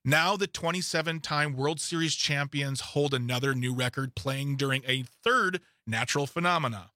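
A man's voice: medium pitch, normal speed, sharp tone, no echo, clean studio sound. A man co-hosting a casual podcast, reading news headlines aloud with joking asides and stumbles.

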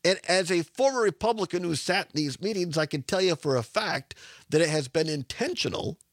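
A man's voice: on the high side, expressive, fairly quick, no echo, clean studio sound. A man hosting a radio talk show, chatty and rambling, laughing often. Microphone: studio microphone.

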